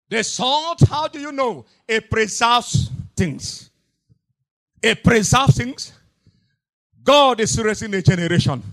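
A middle-aged man preaching a fiery sermon. He repeats his lines, swings from hushed to shouting in a sing-song cadence, and bursts into tongues. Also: very high-pitched, lively intonation, unhurried.

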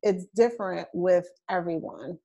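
A woman's voice: lowish voice, a little slow, dark tone. A woman co-hosting a casual chat, teasing the others and laughing often.

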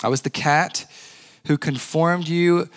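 A man reading the lines of a great, wise talking lion in a measured, solemn way during a sermon. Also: a little high, fairly even intonation, big-room sound.

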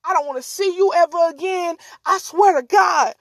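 A woman voicing a loud, angry woman passenger with a New York accent who cusses out her partner in brash slang. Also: extremely high pitch, moderate pace, dry recording, pitched above the performer's own voice. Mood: furious.

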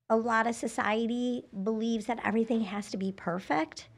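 A woman speaking as a guest in a heart-to-heart interview, frank and conversational and quick to agree. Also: mid-range voice, vocal fry, darkish tone. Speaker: podcast guest.

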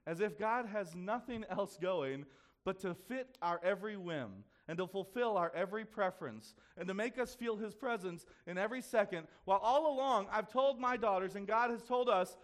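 A man's voice: high-pitched, moderate pace. A man in his thirties preaching as pastor, conversational and self-deprecating with playful humor, acting out the voices of people he quotes. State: runny nose. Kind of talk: sermon.

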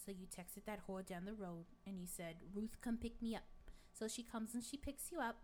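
A woman's voice: fairly high pitch, pushed and bright. A woman playing a brash, crude middle-aged gossip in a comic sketch, rambling through a story with plenty of swearing. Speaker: guest.

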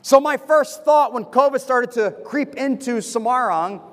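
A man, a pastor giving a sermon from the pulpit in fast, animated personal storytelling. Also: extremely high pitch, long reverb tail. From United States. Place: church with a pulpit.

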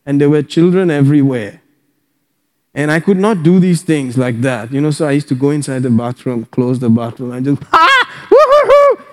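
A male pastor preaching a sermon, animated, breaking into bursts of laughter and shouted praise. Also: medium pitch, fairly quick, long reverb tail.

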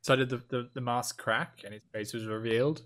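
A man on a gaming podcast, chatting casually with his co-host. He mostly drops in short questions and quick remarks. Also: mid-range voice, steady tone, fairly bright tone.

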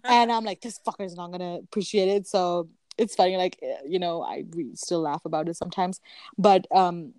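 Young woman co-host, animated storyteller, acts out quotes, laughs easily; dry, close recording. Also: on the low side, normal speed, no echo. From Canada. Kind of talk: casual chat.

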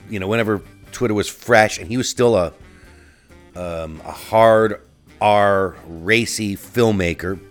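A man's voice: on the low side, fairly bright tone. A middle-aged man hosting a solo podcast, telling an angry story in a profane, ranting way with frequent restarts. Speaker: podcast host.

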